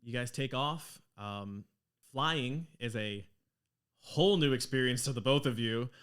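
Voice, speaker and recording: A man's voice: medium pitch, a little slow, a bit bright, clean tone. A man running a tabletop game as game master, narrating the scenes in a rambling way with lots of ums.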